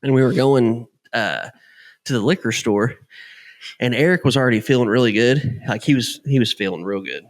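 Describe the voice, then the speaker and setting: In casual podcast chat, a man with a medium-pitched voice tells stories at a moderate pace. He's an animated storyteller who acts out the people involved and swears casually.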